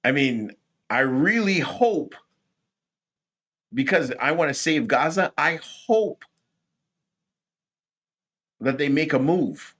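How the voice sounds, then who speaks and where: A man hosting rambling political commentary, talking in a rhetorical, animated way. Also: fairly high pitch, slow, pauses often, lo-fi sound. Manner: animated, rhetorical, laughs at his own points.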